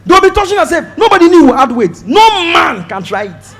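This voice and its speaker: A man with a Nigerian accent doing a stand-up comedy set, loud and animated, acting out voices and shouting his punchlines. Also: very high voice, a little fast. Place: stage before a live audience.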